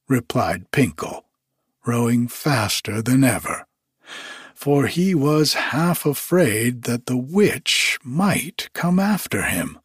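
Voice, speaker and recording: In a slow, measured storybook reading, a man narrates a fairy tale in a husky, sing-song, mid-range voice at a very slow pace. The recording is dry and close, with no echo.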